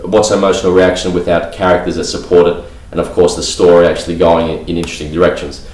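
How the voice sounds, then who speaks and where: A man's voice: deep voice, little pitch movement, fast talker, darkish tone. A man vlogging casually to camera, rambling with many fillers. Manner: rambling, heavy fillers like "you know" and "like". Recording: echoey room, voice a bit far from mic.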